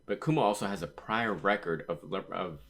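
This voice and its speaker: Low-voiced man rambling through a comic recap. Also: a little fast, a bit bright. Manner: rambling, retells scenes with "he was all like"; frequent fillers and self-corrections. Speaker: manga reaction channel host. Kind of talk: casual reaction and read-aloud commentary.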